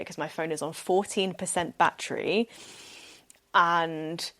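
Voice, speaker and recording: A young woman hosts a solo podcast, her mid-range voice animated and fairly bright at a moderate pace. She tells a story in an upbeat, chatty way packed with "like" fillers, laughing often and acting out what people said.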